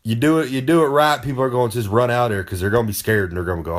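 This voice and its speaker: A fast talker with a mid-range voice, this wrestler barely pauses as he boasts through a comic advice routine. His folksy rambling refers to himself in the third person throughout.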